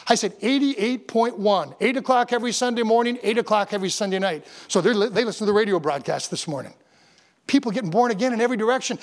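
A middle-aged male pastor with a notably high voice preaches a sermon. He moves from a casual story into emphatic, rising proclamation. He grew up in Michigan. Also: fast.

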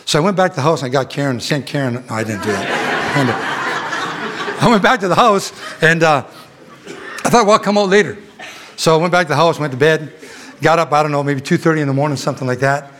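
A man's voice: a little high, fairly quick, a bit bright, slight background noise. Folksy preacher man with a ranch tale. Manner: rambling storyteller, chuckles, addresses the congregation directly. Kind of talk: folksy sermon with a ranch story.

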